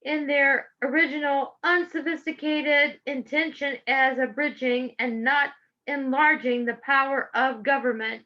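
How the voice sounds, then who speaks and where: A woman's voice: sits high, steady tone, unhurried, lo-fi sound. A middle-aged woman from Georgia with a Southern accent, giving impassioned public testimony in a fervent, preacherly way. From Georgia, USA. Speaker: public speaker.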